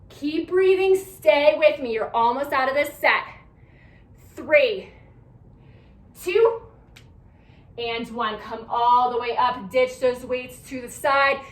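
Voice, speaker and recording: Leading a workout class, a young woman instructor counts down reps in an upbeat, coaching way while a bit winded. Her voice sits high and is fairly bright. It was recorded from a distance in an echoey room.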